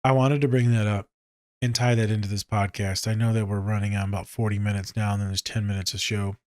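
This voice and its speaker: A man who works as a therapist, hosting a casual podcast and telling stories in a profane, joking way, swinging between low mutters and sharp high exclaims. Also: little pitch movement, fast talker, no echo, studio quality. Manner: profane, joking, with frequent swearing.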